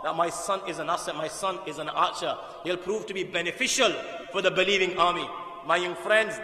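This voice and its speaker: In an echoey mosque hall, a man preaches to young listeners, telling stories with passion and emphasis. He swings from sudden loud bursts to quiet drops, and his voice sits on the high side.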